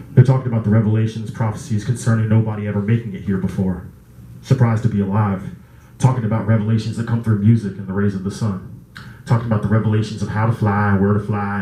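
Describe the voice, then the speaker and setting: A man's voice: fairly low pitch, mellow, reverberant, a little hiss or hum, low-quality recording. A man performing spoken word poetry at an open mic, with a repetitive, incantatory chanting delivery and occasional casual asides. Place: small live music venue, indoors.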